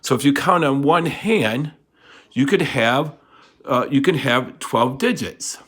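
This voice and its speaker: A man's voice: medium pitch, animated, slow pace, a bit bright, breathy edge. A middle-aged man teaching a casual math lesson from home to his class, chatty and rambling with many fillers.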